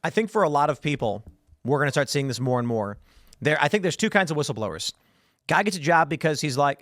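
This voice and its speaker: A man's voice: a little high, expressive, a bit bright, dry recording, studio quality. A man hosting a talk show, reasoning aloud and sketching out examples. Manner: quick, reasoning aloud in thought experiments. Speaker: host.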